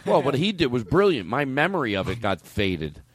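A man's voice: medium pitch, big pitch swings, normal speed, very noisy. A man hosting a comedy podcast in a studio, telling rambling stories, laughing and swearing as he acts out bits. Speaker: podcast host. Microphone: studio mic.

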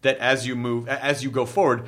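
A man's voice: mid-range voice, little pitch movement, fairly quick, fairly bright tone. A man hosting a casual conversation, thinking aloud in long, musing questions. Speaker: podcast host.

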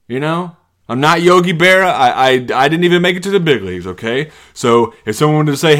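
A man in his thirties hosting a solo podcast from his basement. He rants and jokes, jumping from loud mocking bits to low muttered asides. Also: very animated, a little slow. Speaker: podcast host. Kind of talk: solo comedic rant. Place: home basement.

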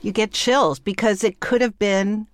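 A woman hosting a podcast interview, chatty and quick with asides, laughing easily. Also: medium pitch, steady tone, dry recording. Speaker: podcast host. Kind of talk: conversational interview.

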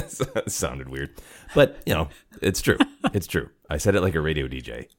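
A man's voice: rumbling low, lively intonation, normal speed. A man hosting a podcast from his apartment, chatting casually in a rambling, self-deprecating way and laughing often. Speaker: podcast host. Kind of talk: casual chat. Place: home apartment.

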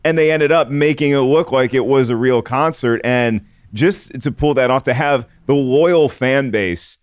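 Smooth-voiced male podcast co-host, dry sound. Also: mid-range voice, measured pace, no room sound. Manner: earnest, thoughtful, some restarts. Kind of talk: casual chat.

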